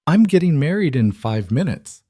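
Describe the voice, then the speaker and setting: A man voicing a desperate young bride, high and pleading. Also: very animated, normal speed, slightly rough, no room sound, clean studio sound. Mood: defensive. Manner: pleading, rising to shouting.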